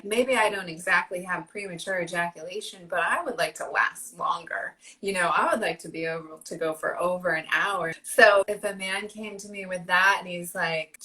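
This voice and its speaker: A woman guest coach speaking in a flowing, affirming way, sometimes dropping soft. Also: lowish voice, moderate pace, few pauses, low-quality recording. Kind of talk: conversational interview.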